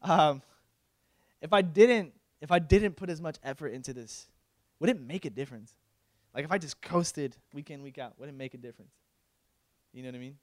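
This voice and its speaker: A young man preaches in a loose, conversational way, dropping slang as he goes. His voice sits a touch high, and he swings from loud pleading to hushed confiding. The sound is close and dry. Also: normal speed, no echo. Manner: emotional, shifts from loud pleading to quiet confiding; casual, uses slang like bro. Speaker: pastor. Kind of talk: sermon.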